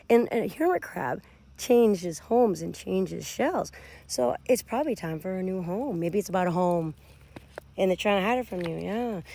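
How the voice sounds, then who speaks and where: A woman gives a casual tarot reading with a gravelly edge to her voice. Her pitch swoops up and down as she speaks to her viewers directly. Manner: animated, addresses viewers directly. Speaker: tarot reader.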